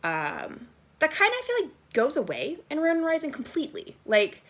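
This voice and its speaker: A young woman rants about a book series in a loose, sarcastic vlog voice, with "like" scattered through every sentence. Her pitch swings all over the place and her tone is bright and forceful. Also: moderate pace. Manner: animated and sarcastic, heavy use of "like". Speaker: book vlogger. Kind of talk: casual ranting book review.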